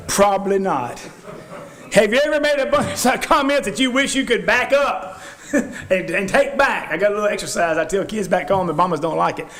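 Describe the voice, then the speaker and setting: A man with a strikingly high voice delivers a sermon in church at a moderate pace. He's folksy and animated, taking on quoted voices to portray the people in his message.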